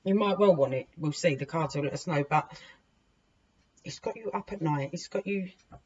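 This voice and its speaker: A woman's voice: low voice, moderate pace, a little mellow. Chatty woman giving a tarot reading. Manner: chatty, rambling, talks to the cards as she deals. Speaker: tarot reader. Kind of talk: casual tarot reading to viewers. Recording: dull lo-fi recording with faint hiss.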